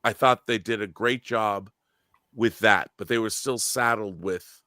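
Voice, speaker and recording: A man's voice: on the low side, measured pace, sharp tone, no room sound, clean studio sound. A man in casual podcast chat, emphatic and opinionated, swearing freely and restarting his sentences as he rants. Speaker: podcast co-host.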